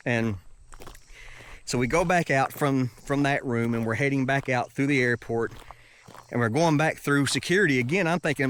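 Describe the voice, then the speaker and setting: A man's voice: mid-range voice, moderate pace, a bit bright. A man telling a travel story in a casual, rambling way, with many restarts. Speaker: travel vlogger.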